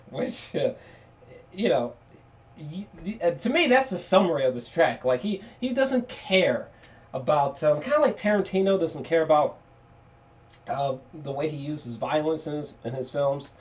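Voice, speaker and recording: A man casually reviewing an album on video, excitable and profane, laughing often and restarting his sentences. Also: on the high side, normal speed.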